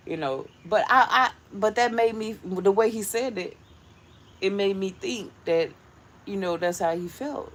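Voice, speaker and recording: A woman's voice: medium pitch, unhurried, a bit bright, a little hiss or hum. A woman vlogging from her home garden, telling a rambling story to her viewers and laughing often. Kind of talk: casual storytelling chat.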